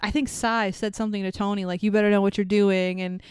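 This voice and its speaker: Clear-voiced woman recapping a film. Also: mid-range voice, fast talker, dry recording. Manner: animated, swears freely, acts out characters' lines. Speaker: podcast co-host. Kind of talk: casual movie recap chat.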